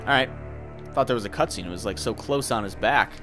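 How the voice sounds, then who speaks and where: A young man giving casual, excitable gameplay commentary, thinking aloud and swearing. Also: mid-range voice, fairly quick, music in the background.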